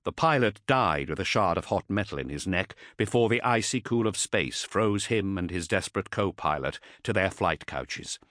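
Man reading an audiobook, lowish voice, lots of up and down, dry close sound. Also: normal speed, few pauses, no echo. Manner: expressive, dramatic storytelling. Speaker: narrator. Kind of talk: scripted audiobook narration.

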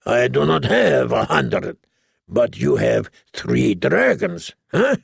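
Greedy merchant prince, a man doing the voice, teasing, drawling, slow, dry close sound. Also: medium pitch, wildly swooping pitch, creaky, husky, no room sound, heavily acted. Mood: sly wheedling. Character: sly wealthy male merchant prince, mocking and greedy.

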